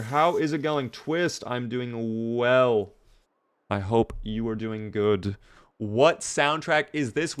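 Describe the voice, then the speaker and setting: A man's voice: mid-range voice, a bit bright, clear, resonant tone. Chatty man streaming a game. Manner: chatty, reads out and answers viewer messages. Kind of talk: casual live-stream commentary.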